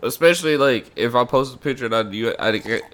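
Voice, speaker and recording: A man's voice: medium pitch, animated, quick pace, a bit bright. A young man in laid-back, profane casual chat, often repeating himself.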